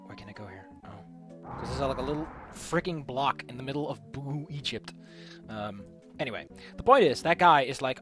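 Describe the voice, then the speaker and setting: A man's voice: mid-range voice, animated, brisk, a bit bright, soft background music. A man giving casual gameplay commentary, rambling and swearing freely as he tells a story. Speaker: let's play streamer.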